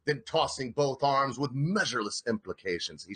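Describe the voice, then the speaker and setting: A man reading a novel aloud dramatically, his narration hushed between the characters' lines. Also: mid-range voice, lively intonation, normal speed, few pauses, breathy edge. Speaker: reader.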